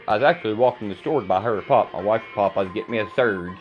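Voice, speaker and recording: A man's voice: on the low side, very fast, hardly any pauses, dull audio, soft background music. A man in his thirties, a vlogger talking to camera in a blunt, rambling way, repeating himself. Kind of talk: casual rambling monologue to camera.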